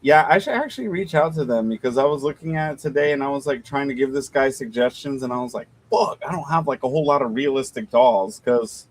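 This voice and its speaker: A man's voice: medium pitch, fast talker, hardly any pauses, a little hiss or hum. A man co-hosting a casual livestream chat, telling stories loosely and swearing freely. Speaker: co-host of a doll shop stream.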